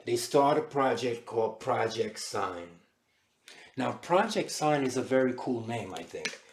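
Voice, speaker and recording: A man giving an animated, storytelling lecture to a class. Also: medium pitch, unhurried. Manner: animated, dramatic retelling. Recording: echoey room.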